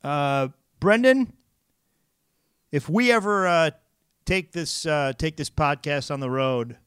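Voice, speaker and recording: A man's voice: on the high side, a bit bright, clean tone, no echo, studio quality. A man co-hosting a podcast, joking playfully and reading out puzzle clues in casual chat. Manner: playful, goofy, reads puzzle clues slowly. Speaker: podcast co-host.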